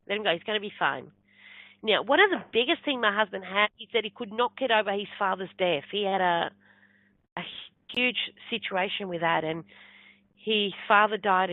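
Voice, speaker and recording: A woman, a medium, recounts a story in an interview, animatedly voicing the people in it. Her voice sits in the middle of a woman's range. The sound is narrow and phone-like, with no room echo. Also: mid-range voice. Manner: animated storyteller acting out quoted dialogue. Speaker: guest, spiritual medium.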